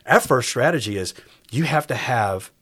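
A husky-voiced man in his fifties, speaking as a guest in a faith-based conversation. He talks emphatically, with a preacher's cadence, and circles back to repeat his key lines. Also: medium pitch, expressive, moderate pace, fairly bright tone. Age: 50s. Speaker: guest on a faith talk show.

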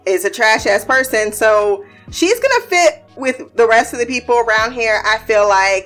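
A woman's voice: on the high side, fairly bright tone. A young woman giving a casual, blunt and profane recap of a TV episode, often laughing as she talks. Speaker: TV show recapper.

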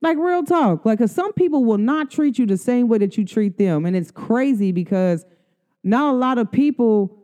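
Warm, smooth-voiced woman talking casually. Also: a little high, animated, normal speed. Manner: conversational, filler-heavy slang, earnest. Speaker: podcast host. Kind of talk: casual spiritual talk.

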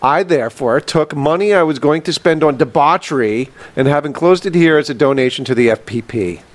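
A man's voice: fairly high pitch, brisk. A man co-hosting a podcast, reading a listener letter aloud in a jokey way and stumbling over words now and then. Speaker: podcast co-host.

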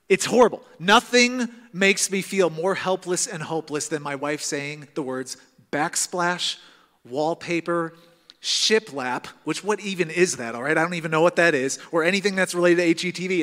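A man in his thirties preaching a sermon in a church, telling self-deprecating stories in an animated way. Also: a little high, in a large hall. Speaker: pastor. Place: church auditorium.

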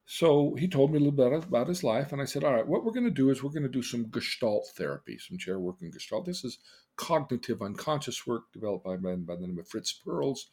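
A man's voice: medium pitch, big pitch swings, fast talker, a little mellow, husky. A middle-aged man, a therapist, telling a story about a client and acting out the dialogue in different voices. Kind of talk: storytelling talk.

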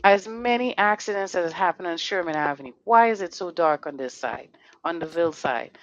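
A woman's voice: lowish voice, expressive, a little fast, muffled recording. Fiery, blunt woman podcast host. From Connecticut. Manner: fiery, blunt, profane, rhetorical questions. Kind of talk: heated casual podcast talk.

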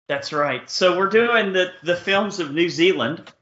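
A man hosting a casual podcast chat in a jokey, animated way. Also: sits high, measured pace. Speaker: podcast host. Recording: roomy, lo-fi call audio.

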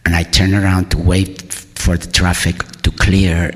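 A man's voice: low voice, little pitch movement, normal speed, fairly bright tone, in a large hall. A man telling a personal story in a candid, rambling, self-amused way.

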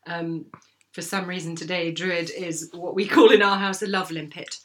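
A woman co-hosting a casual podcast as the witch, relaxed and dry-humoured, laughing often over a video call. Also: on the low side, moderate pace, a little hiss or hum.

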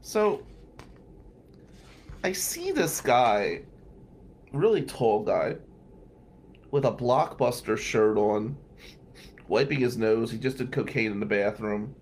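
A man's voice: on the low side, expressive, slow pace, pauses often, a little hiss or hum. A man telling a long personal story in a casual, digressive way, with wry asides and some swearing.

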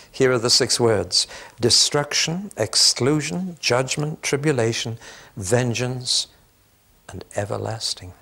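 An older man preaching a sermon at a middle pitch. He teaches through scripture in a measured, emphatic manner and slips in dry humor now and then. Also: gravelly, fairly bright tone.

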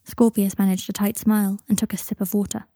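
A woman narrating fan fiction as an audiobook, calm and even. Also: mid-range voice, fast, no room sound, studio quality.

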